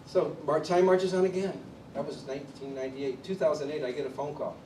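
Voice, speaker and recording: A man from Chicago, a drummer, tells his story at a clinic in an animated way and acts out the voices of the people he quotes. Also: on the high side, a little fast. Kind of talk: storytelling interview. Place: drum clinic in a studio room. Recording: distant mic in an echoey room with background noise.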